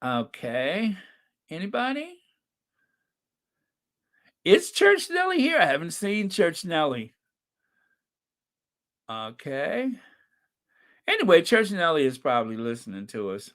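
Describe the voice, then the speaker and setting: A man's voice: on the high side, wildly swooping pitch, takes it slowly, long pauses, a bit bright. A man hosting a casual live-stream chat, chatty, reading out viewer names and comments and laughing often. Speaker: channel host.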